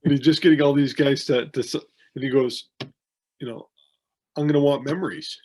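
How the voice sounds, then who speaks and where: With a darkish tone, medium pitch, moderate pace and fairly even intonation, a man co-hosts a podcast. A wrestling promoter, he rambles through anecdotes in casual talk, often restarting and using fillers.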